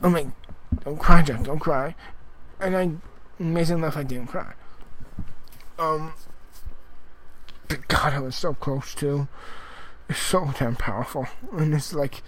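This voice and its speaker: A man's voice: on the high side, measured pace, long pauses, slight background noise, low-quality recording. A man giving a casual spoken movie review, rambling and emphatic, with lots of fillers, restarts and swearing.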